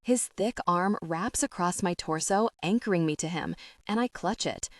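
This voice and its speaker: A woman reads a first-person romance audiobook in a soft, intimate voice, somewhat low in pitch. The sound is dry and close, with no room around it. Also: moderate pace, no room sound. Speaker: audiobook narrator.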